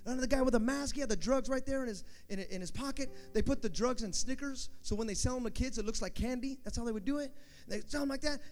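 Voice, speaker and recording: A man preaching a sermon, telling stories with animated energy and acting out shouted quotes. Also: very high voice, quick pace. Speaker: pastor.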